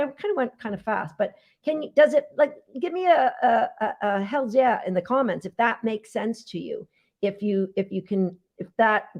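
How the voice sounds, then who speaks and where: A woman's voice: fairly high pitch, darkish tone. A woman dog trainer hosting a casual live Q&A, chatty and emphatic, talking straight to her viewers. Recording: dull lo-fi sound.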